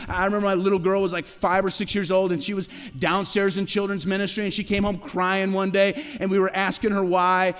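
A middle-aged man preaching a sermon as pastor, talking conversationally with rhetorical questions and quick stammered restarts. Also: high voice, level tone, fairly bright tone, clean tone. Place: church sanctuary. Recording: long reverb of a large hall.

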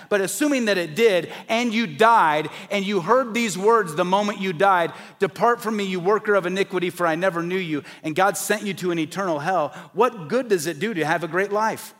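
A male preacher with a fairly high-pitched voice delivers an evangelistic sermon. He is emphatic, building to forceful, raised peaks and then dropping low, and he sometimes acts out the voices of doubters.

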